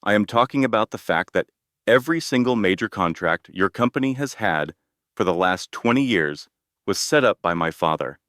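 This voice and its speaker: A man's voice: lowish voice, normal speed, no echo, clean studio sound. A man voicing a coolly composed young woman. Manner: cool and steady.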